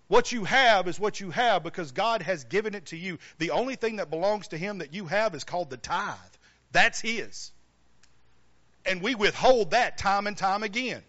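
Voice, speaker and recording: A preacher with a high, ringing voice, preaching emphatically and throwing questions to his congregation. The recording sounds a little muffled and dull. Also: lively intonation, moderate pace, a bit bright. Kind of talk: sermon.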